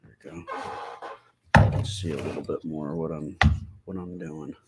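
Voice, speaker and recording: A man hosting a live stream, chatting casually and answering viewer comments with a slightly stuffy nose and a halting, rambling way of talking. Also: rumbling low, wildly swooping pitch, gravelly, heavy background noise. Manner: rambling, halting, many fillers and restarts.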